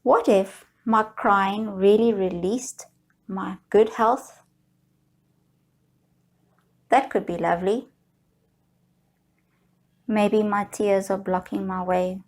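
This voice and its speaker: A woman guiding viewers through a slow, soothing tapping session, leading them in repeated affirmations. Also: medium pitch, steady tone. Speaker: EFT tapping guide.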